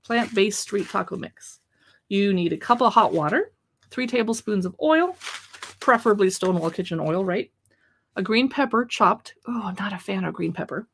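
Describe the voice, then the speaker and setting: A woman hosting a casual live stream from her desk at home, reading product labels aloud and adding chatty asides. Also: mid-range voice.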